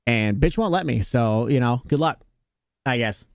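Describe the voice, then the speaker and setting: A man chats casually with his live-stream viewers. He rambles, restarts his sentences and answers chat as he goes. His voice sits at a middle pitch and sounds dry and close to the mic. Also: expressive, normal speed, gravelly, no room sound.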